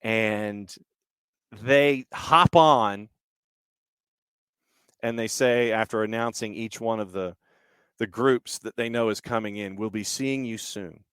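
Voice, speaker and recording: A man hosting a podcast, telling a story in an unhurried, conversational way with a few restarts. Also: lowish voice, steady tone, fairly bright tone, smooth, dry recording, studio quality. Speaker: podcast host.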